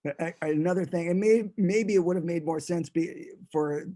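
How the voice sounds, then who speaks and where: A man's voice: on the high side, normal speed, warm tone. A man telling stories as a guest in a casual interview, rambling and amused, with frequent restarts.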